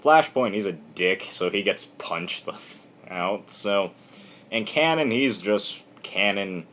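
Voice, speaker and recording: A man casually recapping a comic book issue on camera in a rambling, irreverent, animated way. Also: fairly low pitch, slow pace.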